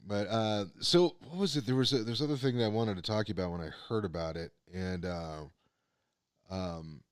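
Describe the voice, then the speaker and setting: Brief: low-voiced male podcast host, casual rambling, profane, dry close mic. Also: moderate pace, smooth, no echo. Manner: rambling, profane, many fillers. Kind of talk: casual chat.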